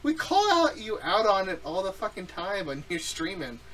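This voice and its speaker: A young man co-hosting a casual podcast, loud and profane, teasing his co-host and telling animated stories. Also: sits high, normal speed, distant mic, low-quality recording.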